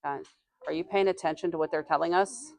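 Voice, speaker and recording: A woman teaching a classroom reading lesson, reading passages aloud slowly and stopping to quiz her students. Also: lowish voice, steady tone, no room sound.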